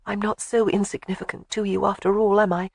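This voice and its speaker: A man's voice: high-pitched, little pitch movement, a little fast, vocal fry, no echo, pitched above the performer's own voice. Male narrator doing the heroine: spirited young bride, raised voice, teasing, dry close read. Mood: tender teasing.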